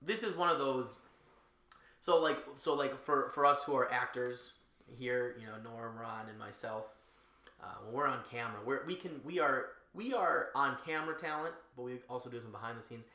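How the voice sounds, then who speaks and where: A man's voice: medium pitch, moderate pace, sharp tone. A man, co-hosting casually, joking and laughing often between restarts. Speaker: podcast co-host. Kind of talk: casual banter. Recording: echoey room.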